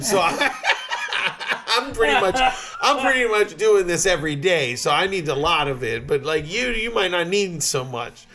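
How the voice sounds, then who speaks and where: Rambling, profane podcast co-host. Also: male voice, sits high, expressive, normal speed, sharp tone. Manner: rambling, profane, laughing storyteller. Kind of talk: casual comedic chat.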